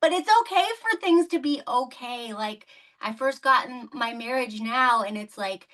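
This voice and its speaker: Chatty, bright-voiced woman podcast host. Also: on the high side, normal speed. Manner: chatty, laughs often, many "like" fillers. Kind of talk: casual interview chat.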